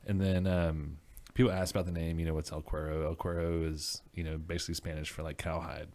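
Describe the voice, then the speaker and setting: A man chatting casually as a guest brewer, telling relaxed stories with plenty of "um"s. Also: very deep voice, fairly quick. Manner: relaxed storyteller, many "um"s. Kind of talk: casual chat.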